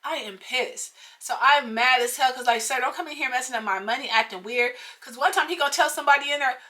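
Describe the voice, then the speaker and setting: A woman's voice: sits high, fast talker. Fired-up woman ranting through a story. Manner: animated, profane, slangy retelling with outbursts. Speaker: vlogger. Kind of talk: casual storytime venting.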